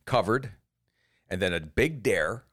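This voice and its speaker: A man co-hosting a casual comedy podcast, animated and profane, bursting into loud mock-defiant outbursts. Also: on the low side, unhurried. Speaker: podcast co-host.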